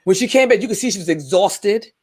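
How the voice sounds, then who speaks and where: A woman hosting a casual talk show, telling a story with lively restarts. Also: medium pitch, quick pace, slightly rough. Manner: animated storytelling, many restarts. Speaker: podcast host. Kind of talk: casual chat.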